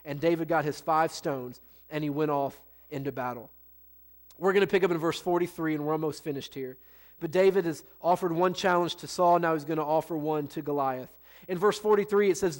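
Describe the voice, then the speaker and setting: A man preaching a Sunday sermon with a somewhat high voice. He tells the story in an easy, folksy way, with plenty of asides to the people listening. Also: a little fast. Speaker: pastor.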